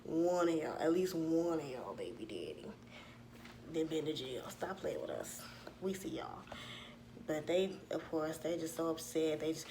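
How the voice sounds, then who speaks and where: A woman, giving a sassy, animated recap of a reality show in casual commentary. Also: deep voice, normal speed, gravelly, slight background noise. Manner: sassy, animated retelling with acted-out quotes.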